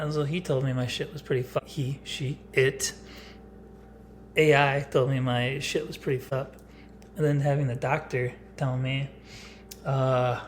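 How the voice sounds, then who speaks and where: A man's voice: medium pitch, little pitch movement, unhurried, slight background noise. A man in his thirties talking straight to the camera in a casual personal vlog, rambling and blunt, with lots of filler words. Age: 30s. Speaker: vlogger.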